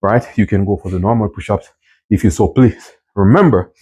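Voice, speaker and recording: With a fairly low, dark, slightly rough voice, a man instructing a home workout talks a bit fast as he exercises, counting reps and tossing in "right?" and "okay?" while audibly straining. The recording has its highs cut off.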